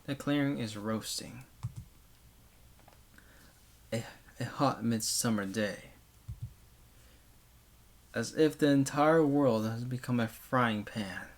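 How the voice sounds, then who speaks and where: A man's voice: mid-range voice, slow pace, pauses often. A man reading a visual novel aloud for a let's play, stumbling over words and breaking off for wry, offhand comments.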